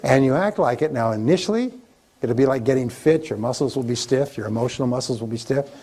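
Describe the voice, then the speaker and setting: A man's voice: medium pitch, quick pace, mellow, slightly rough. A man speaking as a motivational speaker in a live seminar, repeating and building his points with lists and chanted phrases.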